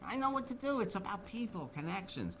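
A man doing an impression of a boastful, fast-talking male music producer, in a high, strained voice. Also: big pitch swings, creaky, sharp tone, exaggerated voice.

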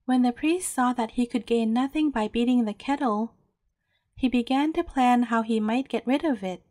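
Female storyteller, gentle and measured, warm mellow read for bedtime tales. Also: on the high side, dry recording, clean studio sound.

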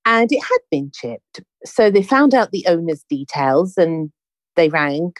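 A woman hosting a conversation, telling a story in a chatty, animated way and acting out the dialogue. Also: fairly low pitch, unhurried, dry recording. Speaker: podcast host. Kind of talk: casual anecdotal storytelling.

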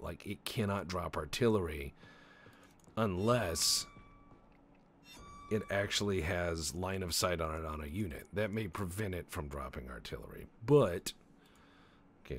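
Deep-voiced guy doing a let's play, rambly and sweary, faint hiss behind. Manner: rambling, profane, joking asides. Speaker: gaming channel host. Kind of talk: casual let's-play commentary.

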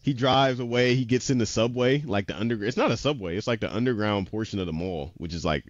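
Low-voiced man rambling through a recap. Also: quick pace, dry recording, lo-fi sound. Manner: rambling retelling with many "he was like" quotes; laughs often. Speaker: podcast co-host. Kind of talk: casual anime episode recap.

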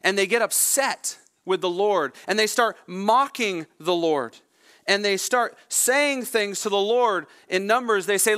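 A male pastor preaching a sermon, expressive, voicing the people in the story as he goes. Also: high-pitched, measured pace, smooth. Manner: expressive preaching with dramatic voiced quotes.

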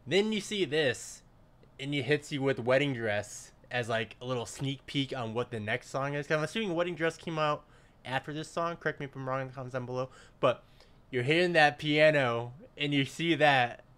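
A man hosting a casual music video reaction, excitable and slangy, often bursting into hyped exclamations. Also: mid-range voice, normal speed, clear, resonant tone. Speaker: reaction channel host. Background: faint music.

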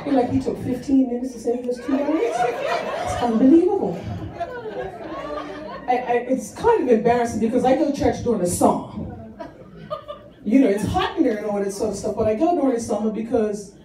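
Recorded from a distance in an echoey church hall, this comedy set features a woman whose voice sits on the high side, animated and fairly quick with frequent pauses. She's chatty and self-mocking, drawing out her punchlines as the live crowd laughs amid background noise.

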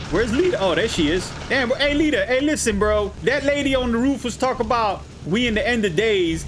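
Guy doing let's play commentary, high voice, cussing and joking the whole way, noisy game sound behind. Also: a bit bright. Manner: loose, joking, profane running commentary. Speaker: gaming channel host.

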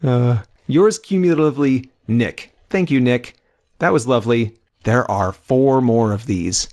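A man co-hosting a podcast who reads listener letters aloud in a relaxed, easygoing manner. His mid-pitched voice has a gravelly, creaky grain. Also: measured pace. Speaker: podcast co-host reading listener mail. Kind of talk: casual podcast chat.

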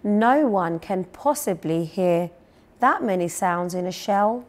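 Woman reading as a skeptical schoolteacher, dismissive, slow and steady, storybook reading. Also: mid-range voice. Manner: dismissive, matter-of-fact. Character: doubtful grown-up female schoolteacher.

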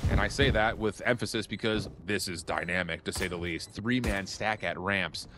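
A man casting an esports match with live play-by-play commentary, excitable and breaking into shouts at big plays. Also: low-pitched, normal speed, background noise. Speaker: esports caster.

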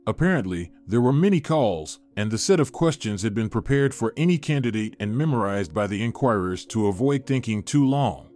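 A man reading a moral story as a measured, steady narrator. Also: lowish voice. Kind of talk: scripted narration. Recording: dry studio voice-over with soft music. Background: faint music.

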